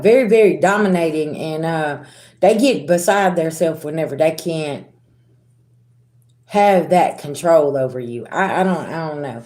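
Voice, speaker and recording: A woman's voice: deep voice, normal speed, darkish tone, echoey room. A woman giving a casual tarot reading to her viewers, talking bluntly with sass, slang and swearing. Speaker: tarot reader.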